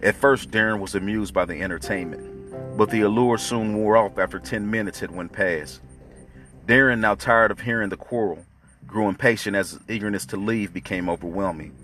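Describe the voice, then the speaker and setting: Low-voiced male narrator, steady story reading over soft music. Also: brisk. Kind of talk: scripted narration.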